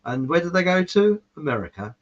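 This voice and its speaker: A man's voice: fairly high pitch, very animated, brisk. A man hosting a casual chat, reading out viewer comments in a rambling way and chuckling at his own jokes. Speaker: show host. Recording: muffled lo-fi audio.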